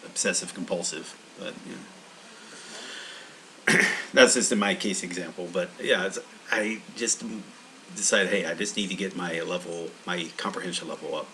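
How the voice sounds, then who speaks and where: A man's voice: low voice, steady tone, moderate pace, pushed and bright, a little hiss or hum, low-quality recording. A man hosting a language-learning channel, talking in a meandering, casual monologue full of restarts.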